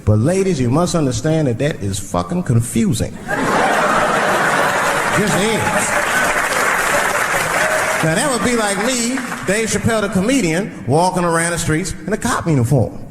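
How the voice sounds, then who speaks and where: A man performing a stand-up comedy routine on a theater stage, animated and profane, laughing through his punchlines. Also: high-pitched, a little slow, long pauses. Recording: echoey hall with loud crowd and noise. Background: audience laughter and crowd noise.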